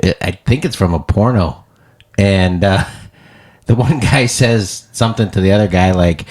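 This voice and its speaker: A podcast co-host with a low voice talks at a normal speed in a casual chat. He's an animated storyteller who acts out quotes and laughs along the way.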